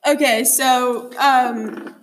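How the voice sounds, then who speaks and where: Young woman host, somewhat high voice, giggly and chatty, lots of fillers. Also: fairly even intonation, drawn-out words, slight background noise. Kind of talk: casual chat.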